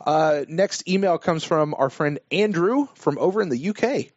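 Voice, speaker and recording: A man co-hosting a sports podcast, reading listener emails aloud and giving his take in a measured, self-deprecating way. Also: on the high side, animated, darkish tone, dry recording. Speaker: podcast co-host. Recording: dull, dry lo-fi podcast audio.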